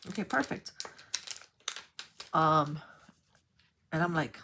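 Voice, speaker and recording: Woman, lowish voice, chatty rambling story, craft vlog, faint clicks in the background. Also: takes it slowly, creaky, pauses often, slight background noise. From New York. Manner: chatty, rambling, animated when retelling. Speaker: crafting vlogger. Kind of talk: casual storytelling while crafting.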